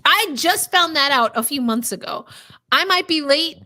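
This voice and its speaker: A woman co-hosting a casual sports podcast, talking in an animated, emphatic and playful way. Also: high voice, moderate pace. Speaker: podcast co-host.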